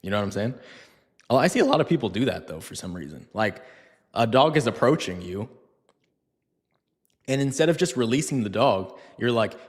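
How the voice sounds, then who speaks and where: Sing-song and a little fast, this medium-pitched voice carries a long reverb tail. He's a dog trainer answering viewer questions on a loose live stream, chatty and full of fillers, acting out scenes in funny voices.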